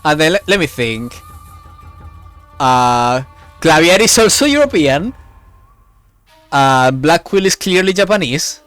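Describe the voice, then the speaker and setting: A man's voice: on the high side, very animated, takes it slowly, long pauses, a bit bright, soft background music. A man streaming a game live, chatting loosely and tripping over his words as he reads along. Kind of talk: live game playthrough with read-aloud dialogue.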